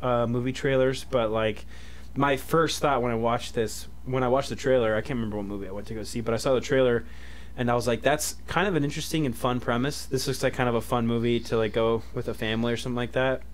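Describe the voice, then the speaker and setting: A man's voice: medium pitch, steady tone, fast, slight background noise. A man co-hosting a movie podcast, chatting at length in a rambling way. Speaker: podcast co-host. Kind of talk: casual chat.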